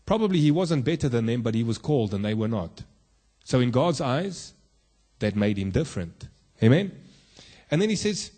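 A man's voice: mid-range voice, big pitch swings, moderate pace, a little mellow, breathy edge. A man preaching a sermon, emphatic and full of rhetorical questions to the congregation, from South Africa.

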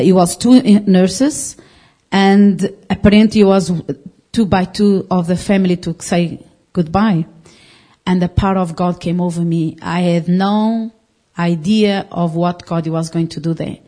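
A woman tells her testimony before a congregation in a mellow, warm voice. She speaks earnestly, restarting sentences and phrasing things loosely as the story pours out. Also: lowish voice, fairly even intonation, a little slow. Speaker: congregation member giving testimony. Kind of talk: personal testimony.

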